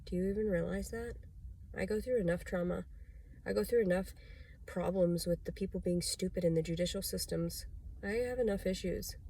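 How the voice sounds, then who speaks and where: A woman's voice: fairly low pitch, steady tone, a little fast, mellow, breathy edge. A woman talking straight to camera in a confessional vlog, rambling and agitated, swearing often. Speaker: vlogger.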